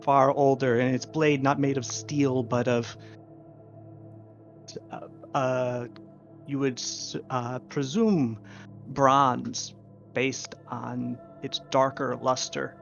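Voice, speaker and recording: A man narrating a tabletop game as game master, slowly describing the scene with occasional fillers. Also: medium pitch, level tone, gravelly, faint music behind. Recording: dull lo-fi recording.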